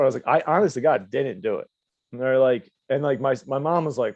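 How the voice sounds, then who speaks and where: A man's voice: mid-range voice, fast talker, a little mellow, no room sound. A young man telling rambling, profane stories and laughing on a casual podcast. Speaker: podcast co-host. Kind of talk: casual storytelling. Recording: dull lo-fi podcast audio.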